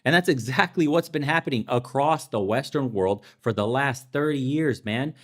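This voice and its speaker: A man's voice: mid-range voice, normal speed. A young adult man hosting a podcast, ranting in heated political commentary with sarcastic, profane, mocking asides. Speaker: podcast host.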